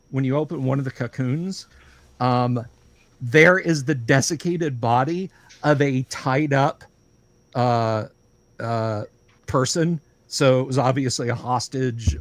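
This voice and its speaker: A man's voice: medium pitch, no echo. Rambling man running a tabletop game. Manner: relaxed, rambling, many ums and uhs. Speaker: game master.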